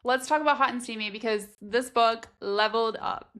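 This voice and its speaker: A woman's voice: fairly high pitch, moderate pace, fairly bright tone, smooth. A woman co-hosting a podcast, musing aloud with questions in casual book talk. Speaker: podcast co-host.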